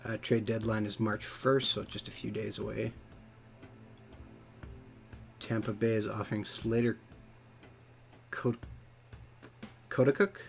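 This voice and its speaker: Game streamer: man, low gravelly voice, relaxed running commentary, faint music underneath. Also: a little slow, long pauses. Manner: relaxed, muttering play-by-play of menus. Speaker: game streamer playing a hockey management sim. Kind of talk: casual commentary over gameplay.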